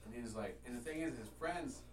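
A man's voice: mid-range voice, fast talker. A young man with a Middle Tennessee accent, a comedian guest telling stories in casual podcast chat, laid-back and casually swearing. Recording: roomy, distant mic, crowd noise.

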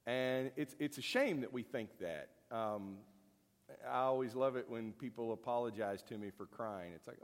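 A man's voice: mid-range voice, moderate pace. A man preaching a conversational sermon, folksy and storytelling, with frequent fillers and restarts. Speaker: pastor. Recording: long hall reverb.

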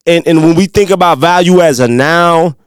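Young Midwestern country-accented male podcast host, motivational, smooth clear voice. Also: fairly high pitch, moderate pace, no echo. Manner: hyped, preachy, talks to listeners as "y'all".

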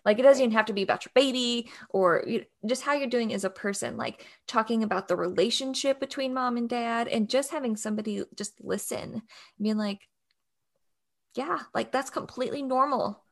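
A woman's voice: a little high, a little fast. A young adult woman co-hosting a podcast, chatting casually with plenty of "like" and laughter. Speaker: doula podcast co-host.

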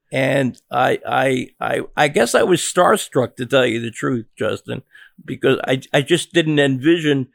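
Older American male journalist, gravelly, halting storyteller, dry close mic. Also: mid-range voice, no room sound. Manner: halting, repeats words and restarts. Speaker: journalist guest. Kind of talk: interview storytelling.

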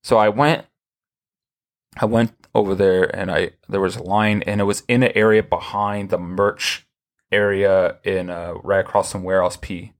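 A man with a fairly low voice hosts a relaxed podcast conversation. He tells long, rambling stories full of restarts and fillers, and his voice jumps higher when he gets animated. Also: normal speed. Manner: rambling, animated storytelling with many restarts and laughs. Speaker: podcast host. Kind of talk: casual chat.

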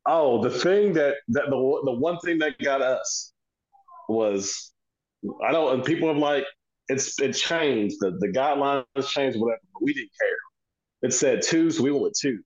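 A man's voice: medium pitch, a little slow. A middle-aged man, a podcast co-host, talking emphatically in casual chat about parenting. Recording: dull lo-fi sound.

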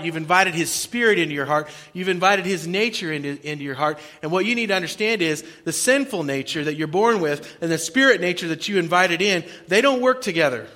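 A man preaching a sermon as pastor, with emphatic, rhythmic repetition and sudden drops into quiet asides. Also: sits high. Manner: emphatic preaching, rising and dropping volume for effect; repeats phrases in a rhythmic cadence.

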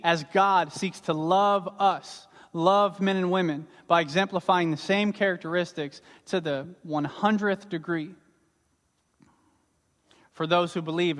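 A man's voice: a little high, fairly bright tone. A man preaching a sermon as pastor, earnest and emphatic, repeating his key words. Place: church sanctuary. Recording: long reverb of a large hall.

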